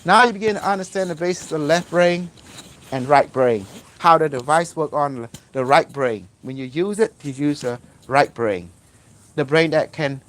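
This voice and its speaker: Man, higher-pitched, spiritual teacher type, rambling broken-English lecture delivered with insistent repetition.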